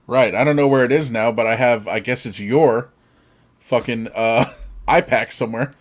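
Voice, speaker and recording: A man's voice: medium pitch, normal speed. A man co-hosting a podcast in casual chat, easygoing, swearing casually as he talks about old gadgets. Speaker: podcast co-host.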